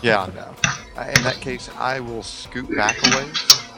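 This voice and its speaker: A man's voice: mid-range voice, fairly even intonation, unhurried. A man playing a tabletop game, asking hesitant questions away from the mic. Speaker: player. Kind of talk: casual game talk.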